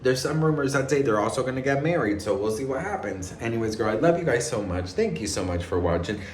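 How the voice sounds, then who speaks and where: A man's voice: medium pitch, lively intonation, fast, slight background noise. A man vlogging celebrity gossip in a sassy, dramatic way, calling viewers girl and best friend and acting out quotes in raised voices. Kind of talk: casual gossip chat. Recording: echoey room with faint ambience.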